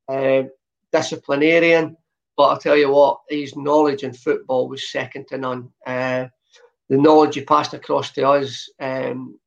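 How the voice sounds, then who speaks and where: On dull, lo-fi audio, a man from Scotland in his fifties, once a footballer, tells chatty stories as a guest in an easygoing interview. His softened Glasgow accent comes with frequent "uh" fillers, and his voice runs on the high side with vocal fry.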